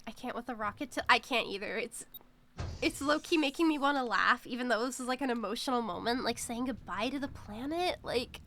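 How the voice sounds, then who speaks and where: A woman's voice: a little high, brisk, bright, forceful tone, slight background noise. A young woman streamer chatting casually over a game, playful and dramatic, breaking into giggles. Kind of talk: casual gaming stream chat.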